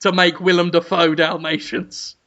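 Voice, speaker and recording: A man's voice: on the high side, little pitch movement, moderate pace, pushed and bright, muffled recording. A man hosting a comedy podcast, riffing with giggles and stammered restarts. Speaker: podcast host.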